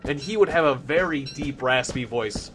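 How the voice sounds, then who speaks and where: A man's voice: medium pitch, lively intonation, moderate pace, over music. A man hosting a game live stream, chatting playfully with viewers and laughing often. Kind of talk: casual live stream chat.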